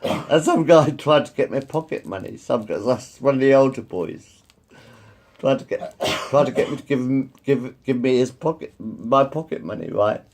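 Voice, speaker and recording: Over a faint hiss or hum, a gravelly-voiced man in his fifties vlogs about his own life in loose, rambling stories. He swears without pause, keeps circling back to repeat himself, and his pitch swings expressively up and down.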